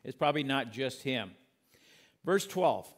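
A man's voice: mid-range voice, expressive, measured pace. A male pastor preaching a sermon in a conversational way, reading scripture aloud and explaining it, with the odd corny joke.

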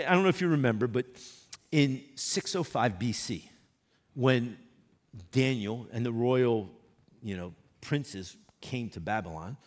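Animated husky male preacher. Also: medium pitch. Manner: animated preaching, reads scripture aloud with emphatic repetition. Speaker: pastor. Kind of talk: sermon.

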